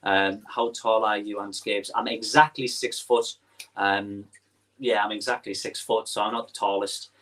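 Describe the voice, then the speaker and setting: A man's voice: fairly low pitch, steady tone, a little slow, fairly bright tone. A young man with a Teesside accent, hosting a casual livestream and chatting while he reads viewer comments aloud, with lots of ums and restarts. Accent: Teesside English. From northeast England. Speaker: livestream host.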